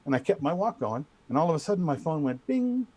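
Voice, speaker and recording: Middle-aged guy telling a funny story, kinda high voice, lots of stops and restarts. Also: fast talker, husky. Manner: animated, trash-talking storyteller with many restarts. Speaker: guest speaker. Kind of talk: casual storytelling.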